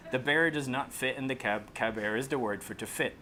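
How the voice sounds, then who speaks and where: A man's voice: brisk, slight background noise. A man with an Irish accent giving a funny talk on public speaking, telling stories and acting out voices. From Ireland. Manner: joking, storytelling, acts out voices and rises high when excited. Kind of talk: comic presentation to an audience.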